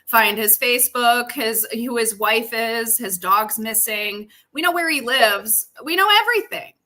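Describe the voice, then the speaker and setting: A woman's voice: fairly high pitch, measured pace, bright, forceful tone. A woman co-hosting a livestream in casual chat, telling a rambling story full of fillers. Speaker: livestream co-host.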